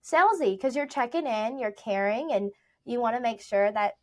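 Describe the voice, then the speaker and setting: A young woman, a real estate agent, telling stories in a casual interview, chatty and animated with lots of fillers. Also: a little high, normal speed. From Texas. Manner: chatty, animated storytelling with many "like"s.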